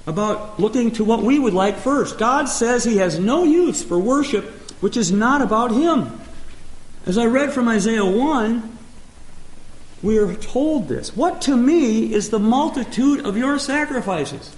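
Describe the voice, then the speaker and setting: A man preaching a sermon, speaking emphatically and pausing often as he reads scripture. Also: sits high, animated. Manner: slow, emphatic preaching with pauses and restarts. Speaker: pastor. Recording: echoey room.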